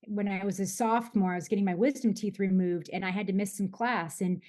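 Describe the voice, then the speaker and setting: A woman's voice: mid-range voice, brisk. Chatty woman from Michigan in her 40s. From Michigan, USA. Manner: chatty, animated storyteller who often restarts sentences. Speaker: podcast guest. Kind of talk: casual interview storytelling.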